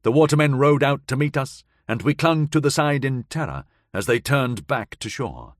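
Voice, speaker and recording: A man narrating a first-person audiobook in a measured, dramatic storytelling manner. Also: medium pitch, lively intonation, no room sound, clean studio sound. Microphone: close studio mic.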